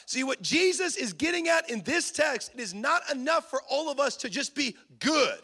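High, bright-voiced animated preacher, a man. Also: moderate pace, hardly any pauses. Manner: animated preacher, acts out little scenes, shouts for emphasis. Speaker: pastor. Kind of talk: sermon.

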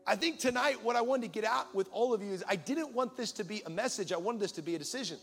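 Casual earnest male preacher, high voice. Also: fast, gravelly, few pauses, soft background music. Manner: casual, earnest, builds to shouting excitement. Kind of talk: sermon.

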